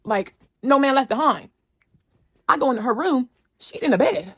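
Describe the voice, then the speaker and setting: A woman's voice: high-pitched, normal speed, breathy edge, no room sound. Young woman telling a story time. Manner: animated, slangy, talks straight to viewers. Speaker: storyteller vlogger.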